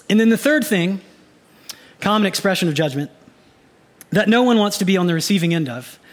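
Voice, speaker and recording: A male pastor delivering a sermon in a somewhat high voice. He preaches with animation and now and then slips into mock inner voices to make his point.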